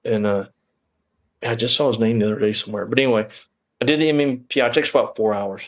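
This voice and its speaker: A man's voice: on the low side, fairly even intonation, quick pace, rough recording. A man, a former police officer telling his story as an interview guest in a rambling way, full of restarts and fillers.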